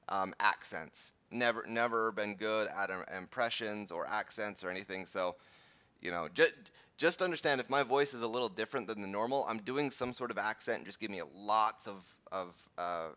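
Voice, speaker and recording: Chatty man, bright voice, lo-fi stream. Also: lowish voice, moderate pace. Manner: chatty, rambling, frequent restarts and fillers. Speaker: host of a live crypto chart show. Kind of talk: casual live-stream chat and chart teaching.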